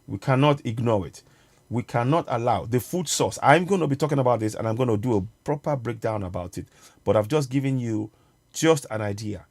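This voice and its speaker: A man's voice: fairly low pitch, a little mellow. A man hosting a livestream of political commentary. He speaks straight to his viewers, urgent and repetitive, and he keeps stopping to fumble with clips he wants to show. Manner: pauses to fumble with on-screen media. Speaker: online show host.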